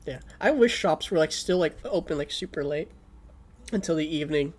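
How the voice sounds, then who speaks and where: A woman's voice: sits low, expressive, fairly quick, a little mellow, husky. A young woman streaming casually, rambling with a Valley Girl lilt and constant "like", her throat a little sore. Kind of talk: casual livestream chat.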